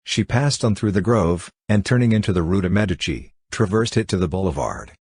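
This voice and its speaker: A man narrating an audiobook in a steady, even reading voice. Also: low voice, a little fast, slightly rough, no room sound. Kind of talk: scripted narration.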